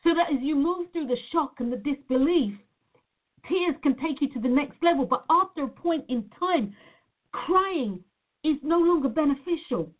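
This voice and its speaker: A woman's voice: sits high, lively intonation, normal speed. A woman giving a motivational talk as a life coach, earnest and emphatic, often repeating words. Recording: tinny phone-like sound.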